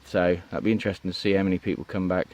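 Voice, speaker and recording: An allotment vlogger gives a rambling, chatty outdoor tour of his plot in a casual walk-and-talk style, full of ums, asides and "you know what I mean". His voice sits low and a little mellow, with a steady tone, though he talks at a racing pace.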